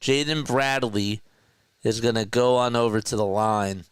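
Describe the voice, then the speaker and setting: A man with a South Jersey accent calling a basketball game as a casual live-stream play-by-play commentator, chatty and quick to correct himself. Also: medium pitch, steady tone, clear, resonant tone, no echo, clean studio sound. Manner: chatty, laughs easily, corrects himself mid-call.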